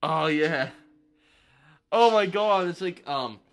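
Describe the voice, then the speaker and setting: A man's voice: on the high side, lively intonation, slow, vocal fry, a bit bright. A young man chatting loosely on a live stream between drumming, rambling with lots of fillers and slang. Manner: rambling, filler-heavy, laid-back slang. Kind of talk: casual live-stream chat.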